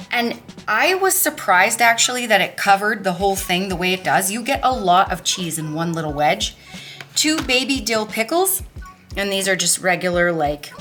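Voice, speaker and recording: A chatty, enthusiastic woman in her thirties talks through her food in a casual vlog. Her voice is bright and clear. Soft music plays faintly underneath. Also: mid-range voice. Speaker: vlog host.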